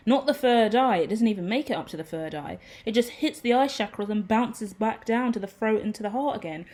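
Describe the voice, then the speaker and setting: A woman giving a casual, rambling tarot reading to her viewers, excitable, swearing freely and laughing at herself. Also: a little high. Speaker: tarot reader.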